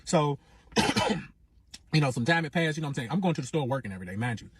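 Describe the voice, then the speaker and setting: A man with telling a personal story in a casual, animated and profane way. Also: a little high, fast, background noise.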